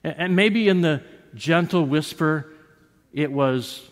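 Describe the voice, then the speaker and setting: Long reverb from the church sanctuary surrounds this American pastor as he preaches slowly in a higher-than-average male voice. His sermon is conversational, dotted with restarts and repeated words, and he dramatizes quotations by raising and dropping his voice.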